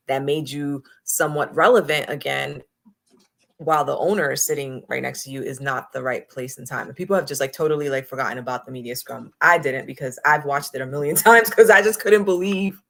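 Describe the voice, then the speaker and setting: A woman's voice: sits low, steady tone, moderate pace, a bit bright. A married woman hosting a casual wrestling talk show, blunt and opinionated, swearing freely as she gives her takes. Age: adult, married. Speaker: podcast host.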